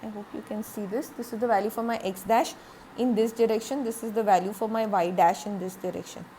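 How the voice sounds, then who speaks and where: A woman's voice: mid-range voice, fairly even intonation, brisk, dark tone, a little hiss or hum. A woman giving a recorded classroom lecture, explaining step by step, repeating points, with frequent "okay" and "uh".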